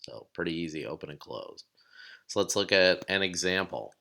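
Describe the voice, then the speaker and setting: A man giving a recorded lesson, explaining steps calmly and sounding out words slowly. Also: low voice, gravelly. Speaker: teacher.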